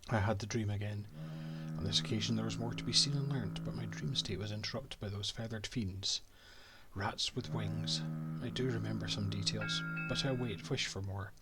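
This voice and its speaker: A man's voice: on the low side, normal speed, over loud music, close to an everyday voice. A Scottish man voicing a haughty male cartographer and reading his old-fashioned diary aloud from a game.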